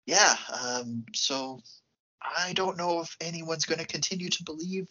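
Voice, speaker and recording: Podcast co-host, casual film recap, frequent laughs, bright voice, breathy edge, muffled lo-fi sound. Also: medium pitch, unhurried. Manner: laughs often, relaxed plot recap.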